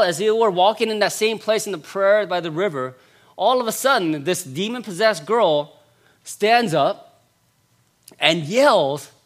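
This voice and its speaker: In this sermon, a male pastor uses repeated phrases for emphasis and alternates between loud and hushed delivery. His voice is high.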